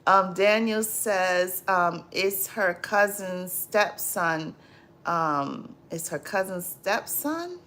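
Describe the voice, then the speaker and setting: A woman hosting a livestream, chatting casually and reading out viewer comments, unhurried, trailing off with ums and repeated phrases. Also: fairly low pitch, expressive, a bit bright, slight background noise.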